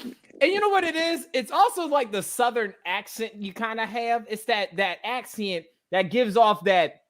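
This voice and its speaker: A man's voice: very high voice, lively intonation, normal speed, a bit bright. A man hosting a podcast interview, teasing and roasting his guest with lots of laughter. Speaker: podcast host. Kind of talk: casual interview banter.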